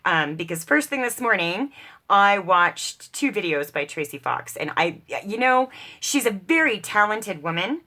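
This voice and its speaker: Chatty self-deprecating crafting woman, bright voice. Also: medium pitch, sing-song, a little slow. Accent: mock British put-on. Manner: chatty, self-deprecating, laughs often, talks to viewers as she works. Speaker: crafting video host. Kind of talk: casual crafting chat while working.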